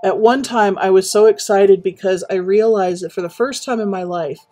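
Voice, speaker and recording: A woman chatting casually while building in a game, rambling and reminiscing with many pauses and fillers. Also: medium pitch, mellow. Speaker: Minecraft streamer.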